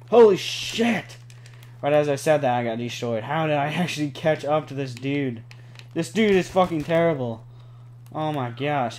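A young man giving live gameplay commentary, excitable, cursing often and pleading with the game. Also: medium pitch, a little hiss or hum. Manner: excitable, swears a lot, pleads and groans at the game. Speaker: gaming channel host.

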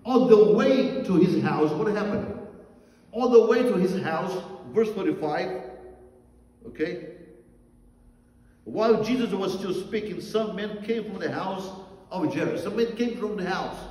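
A man's voice: sits high, unhurried, long pauses, darkish tone. A man preaching a sermon, earnest and emphatic, repeating key phrases. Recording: echoey hall, mic far off.

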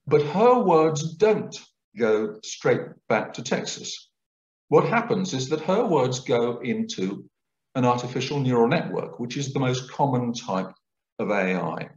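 A man's voice: medium pitch, measured pace. Guy giving a talk, voice rising and falling a lot, kinda muffled sound. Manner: clear explanatory lecturing, lively intonation. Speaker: guest lecturer. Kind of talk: public lecture. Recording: roomy, dull lecture recording.

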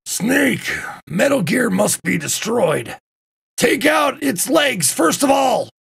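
A commanding radio ally snaps out urgent orders, read aloud by a man on stream. His voice is gravelly and lively in pitch, and each instruction comes out pressing and clipped. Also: slow pace, exaggerated voice.

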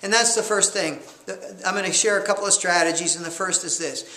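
Male course coach, motivational lecture, high bright voice, roomy echo. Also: fairly quick. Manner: animated storyteller who acts out scenes.

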